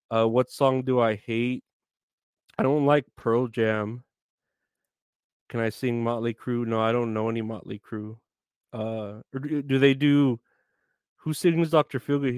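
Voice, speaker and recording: A man's voice: medium pitch, smooth, no room sound, clean studio sound. A man hosting a live stream, rambling and joking between bits of song. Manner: rambling, joking, breaks into sung snippets.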